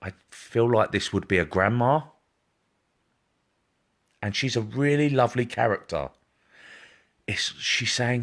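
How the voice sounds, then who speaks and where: A man's voice: medium pitch, unhurried, long pauses, fairly bright tone. A man working as a medium, giving a live-stream psychic reading, repetitive and reassuring, addressing viewers by name.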